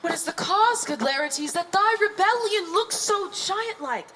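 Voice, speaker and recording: A woman acting a calm, persuasive king in a Shakespeare staging, measured and soothing. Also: very high-pitched, slight background noise, heavily acted.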